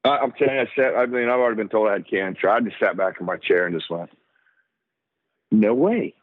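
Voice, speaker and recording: A middle-aged former football player, speaking fast with a fairly low voice, tells a long personal story as an interview guest. He animates it by acting out other people's lines. The dry, thin phone line carries no echo.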